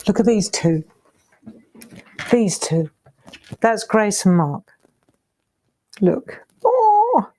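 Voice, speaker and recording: A woman's voice: medium pitch, drawn-out words, pauses often, dark tone. A middle-aged woman hosting a craft live stream, chatting and exclaiming as she looks through old keepsakes. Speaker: craft show host. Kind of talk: casual live-stream chat.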